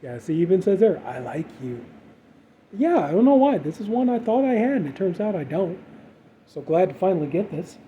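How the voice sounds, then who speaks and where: A man's voice: high-pitched, a little fast. A man casually chatting through his horror movie haul, rambling with lots of fillers. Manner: rambling, filler-heavy, relaxed. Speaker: horror collector showing a haul. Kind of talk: casual unboxing chat. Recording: dull lo-fi audio with faint background noise.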